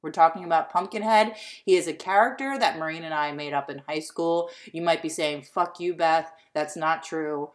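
Low-voiced woman cracking crude jokes. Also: moderate pace, hardly any pauses. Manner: crude, joking, loud outbursts. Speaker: podcast co-host. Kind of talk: casual comedic podcast chat.

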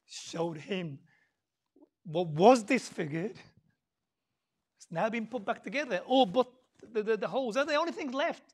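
Woman preaching, hushed then emphatic. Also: mid-range voice, lively intonation, a little slow, long pauses, husky. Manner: conversational, swings between hushed near-whispers and loud emphatic bursts; repeats words and adds many fillers while thinking aloud. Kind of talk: Easter Sunday sermon.

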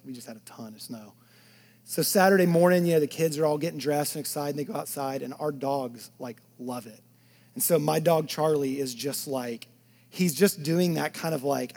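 A man with a slightly high voice delivers a sermon, rising to loud, emphatic lines and then falling to hushed near-whispers. He makes chatty asides to the congregation.

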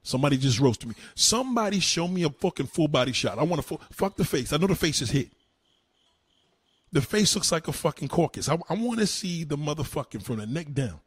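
A man's voice: fairly high pitch, sing-song, a little fast, husky, no room sound. A man doing a heated, mocking, heavily profane rant on his live stream. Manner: heated, mocking, swears constantly.

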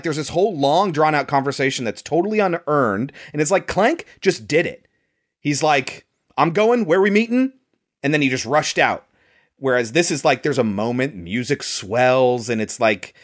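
Chatty man giving film opinions. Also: mid-range voice. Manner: laughs often, opinionated comparisons. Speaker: podcast co-host. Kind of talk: casual film discussion.

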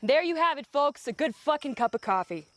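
Young woman, comedy vlog host, outdoors, profane, sarcastic, exasperated, lively pitch. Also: fairly quick. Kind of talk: scripted comedic vlog narration. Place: outdoors in the countryside.

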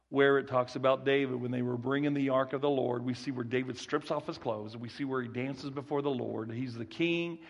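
Gravelly Southern country preacher. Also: male voice, mid-range voice. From rural Texas. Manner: folksy, repeats key phrases, restarts often. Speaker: guest preacher. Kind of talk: sermon.

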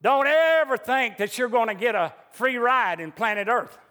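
High, bright-voiced fervent male preacher. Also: moderate pace. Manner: fervent, emphatic preaching with rising outbursts. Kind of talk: sermon. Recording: echoey church hall reverb.

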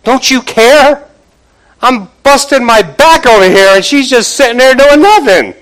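A man's voice: very high voice, expressive, a little slow, a bit bright, voice pushed up, heavily acted, low-quality recording. A man preaching, acting out a frustrated, overworked woman who pleads and complains to the Lord. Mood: exasperated. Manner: exasperated, repeating pleading questions. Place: church, from the pulpit.

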